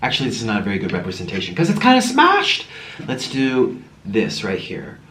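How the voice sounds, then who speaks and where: A man's voice: fairly low pitch, wildly swooping pitch, brisk, pushed and bright, slight background noise. A man chatting casually to viewers while eating on camera, gushing and chatty, sometimes talking with his mouth full, at home. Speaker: mukbang vlogger. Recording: echoey room with faint music.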